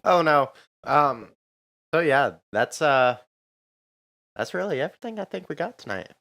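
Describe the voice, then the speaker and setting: A man's voice: fairly high pitch, big pitch swings, a little slow, a bit bright. Easygoing young male podcast host. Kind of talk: casual chat.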